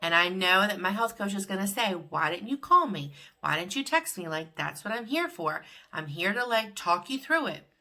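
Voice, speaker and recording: A woman's voice: mid-range voice, animated, normal speed, hardly any pauses, bright, forceful tone. A middle-aged woman vlogging in a chatty, rambling way about her week. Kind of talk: casual confessional vlog.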